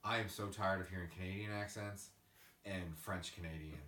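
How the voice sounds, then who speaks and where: Male podcast host, deep-ish voice, profane ranter, roomy off-mic sound. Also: normal speed, recorded from a distance. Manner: ranting, profane, animated storytelling. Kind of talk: casual podcast chat. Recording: echoey room, away from the mic.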